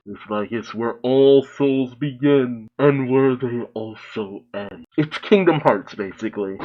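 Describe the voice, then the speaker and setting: A man's voice: mid-range voice, sing-song, unhurried, few pauses, dull audio. A man hosting an anime reaction, joking, swearing and laughing often as he mock-quotes the characters. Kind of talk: casual reaction commentary.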